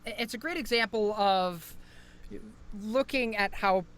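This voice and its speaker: A man's voice: high-pitched, measured pace, a bit bright, smooth. A young man co-hosting a podcast over a call, rambling casually with lots of fillers and restarts. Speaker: podcast co-host. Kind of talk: casual chat.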